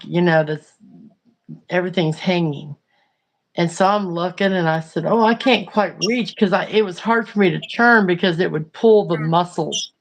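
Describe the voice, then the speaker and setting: Chatty woman telling a story. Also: lowish voice. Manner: chatty, animated retelling with lots of fillers. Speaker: livestream host. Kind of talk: casual storytelling chat.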